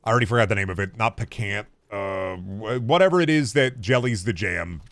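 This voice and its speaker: A man in his thirties talks to his stream chat in a loose, rambling flow, swearing casually between thoughts. His voice sits low. The sound is close and dry. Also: a little fast, fairly bright tone, no room sound. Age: 30s. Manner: rambling, laid-back, swears freely.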